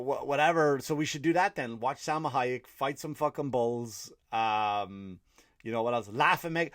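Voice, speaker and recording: A man's voice: fairly high pitch, no echo. An Irish man hosting a comedy podcast, delivering a rambling, sardonic, profane monologue into a close mic.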